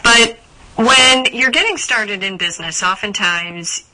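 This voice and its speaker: A woman's voice: mid-range voice, unhurried, noisy background. A woman hosting a live business coaching call for members, chatty and full of fillers and restarts.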